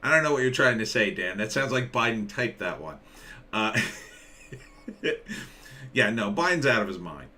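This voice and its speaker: Bright-toned sarcastic male streamer. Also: lowish voice. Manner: sarcastic, rambling, reads out chat comments. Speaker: live stream host. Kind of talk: casual commentary on a live stream.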